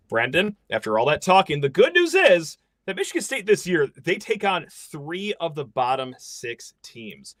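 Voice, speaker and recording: Man, podcast host, casual sports chat, animated, dry mic. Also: a little high, normal speed, hardly any pauses, dry recording.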